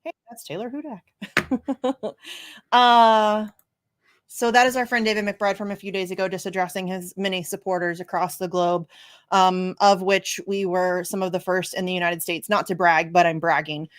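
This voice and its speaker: A woman's voice: on the low side, flat delivery, moderate pace, smooth, no echo, studio quality. A woman hosting a casual livestream show, chatty and self-deprecating, a bit congested. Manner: chatty, self-deprecating, frequent fillers and laughs. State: congested from sneezing.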